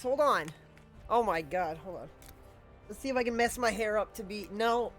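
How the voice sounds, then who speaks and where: A man's voice: sits high, normal speed, fairly bright tone, soft background music. A man streaming a video game, chatting casually to his viewers in a rambling, profane way, often cutting himself off and chuckling.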